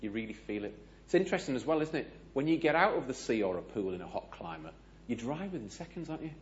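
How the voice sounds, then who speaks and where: British male speaker, lively anecdotal sermon delivery, medium pitch, slightly muffled live capture. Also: fast talker. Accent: British English. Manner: animated, asks audience questions, acts out dialogue. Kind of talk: storytelling sermon.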